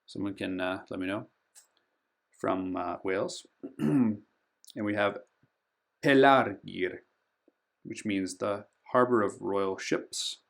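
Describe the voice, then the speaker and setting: A man hosting a pronunciation tutorial over a game map. He speaks slowly and carefully, draws out and stresses each name he teaches, and fills pauses with frequent ums. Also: lowish voice, gravelly, a bit bright. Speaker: board game channel host.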